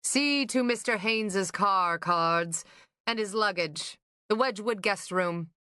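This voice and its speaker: A woman's voice: medium pitch, takes it slowly, sharp tone, smooth, dry recording, studio quality, pitched above the performer's own voice. A woman voicing a theatrical, melodramatic older man, an eccentric painter father who bellows and grumbles in an audiobook. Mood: theatrical lament. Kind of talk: audiobook character voice.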